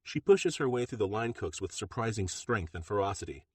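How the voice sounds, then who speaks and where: A man reading an audiobook in steady, measured narration on a close mic. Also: lowish voice, husky, no echo. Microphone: close studio mic.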